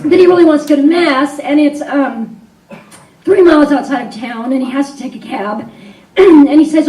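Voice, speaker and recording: A woman's voice: high voice, moderate pace, mellow, some chatter behind. A woman on stage in an arts venue, telling a personal story live, candid and conversational with frequent fillers. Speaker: storyteller and event host. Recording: roomy hall sound, voice from a distance.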